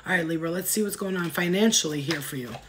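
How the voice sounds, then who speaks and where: A woman giving a casual tarot reading to camera, excitable and exclamatory, swearing freely. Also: on the low side, fast. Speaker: tarot reader. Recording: noisy recording with clicks.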